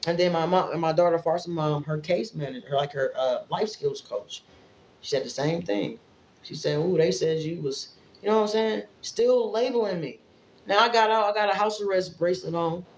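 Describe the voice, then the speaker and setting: A woman's voice: lowish voice, expressive, moderate pace, darkish tone, roomy sound, highs cut off, slight background noise. A woman from Indiana talking straight to her viewers in a casual vlog, rambling and emotional. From Fort Wayne, Indiana, US. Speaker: vlogger. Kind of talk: casual livestream-style vlog talk.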